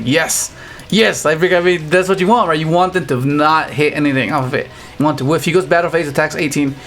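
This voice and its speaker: A man giving casual, rambling commentary on his own card game matches, with frequent restarts and excited outbursts. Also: fairly high pitch. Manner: rambling, restarts often, animated exclamations.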